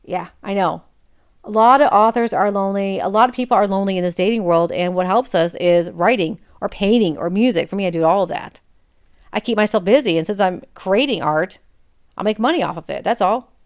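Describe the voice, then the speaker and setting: A woman's voice: mid-range voice, a little fast. A woman in her forties hosting a podcast, talking frankly and chattily in a candid personal monologue. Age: 40s. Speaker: podcast host.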